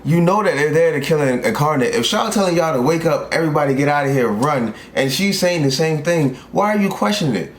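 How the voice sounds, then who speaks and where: Young man, excitable, swearing, reaction commentary, echoey room, faint hiss. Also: fairly high pitch, a little fast, few pauses. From South Carolina, US. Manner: excitable, profane, animated outbursts. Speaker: anime reaction creator. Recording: roomy echo, faint background hiss.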